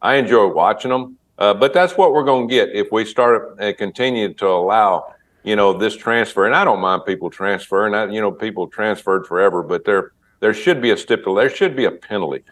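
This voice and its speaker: A man who is a former coach, speaking as an interview guest, halting and restarting his sentences often. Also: on the low side, a bit bright.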